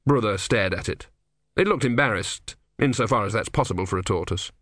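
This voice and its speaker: A man's voice: on the low side, brisk, a bit bright, dry recording. A man reading a story aloud as narrator with a dry, wry delivery. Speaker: audiobook narrator.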